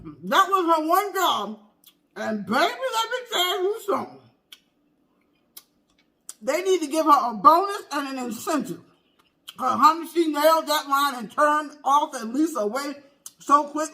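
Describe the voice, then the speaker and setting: A performer playing a loud, gossipy middle-aged auntie in a comedy skit, telling a story while eating. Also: high-pitched, heavily acted. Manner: animated, talks between bites of food; exclamatory, drawn-out "baby", "child", "honey". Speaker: comedy mukbang character.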